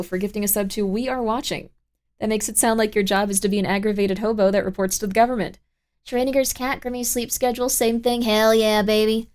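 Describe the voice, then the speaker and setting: A young woman hosting a live stream, chatting casually and reading viewer messages in a bubbly, rambling way full of fillers. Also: a little high. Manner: bubbly and rambling, filler-heavy with frequent 'like'. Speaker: livestream host.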